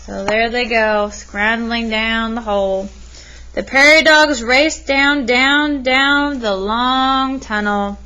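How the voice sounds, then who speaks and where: A woman reading a picture book aloud in an expressive way, with asides to the listener. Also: on the high side, takes it slowly, clear, resonant tone, poor audio. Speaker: reader.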